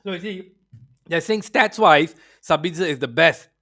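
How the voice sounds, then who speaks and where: A man's voice: fairly high pitch, lively intonation, moderate pace, bright, forceful tone, no echo, studio quality. A man hosting a football podcast, ranting brashly and profanely in casual opinionated chat, slipping into mocking voices.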